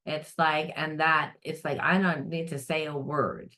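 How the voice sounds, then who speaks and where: A middle-aged woman giving an unscripted psychic reading, blunt and animated, swearing freely and acting out the voices she quotes. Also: sits low, a little slow, hardly any pauses. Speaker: psychic tarot reader.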